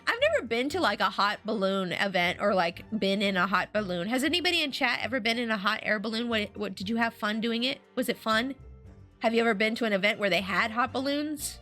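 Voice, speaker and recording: Chatty, bright-voiced streamer woman. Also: on the high side, fairly quick, soft background music. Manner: chatty, giggly, talks to chat. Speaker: streamer reading a game aloud. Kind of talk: casual live-stream commentary.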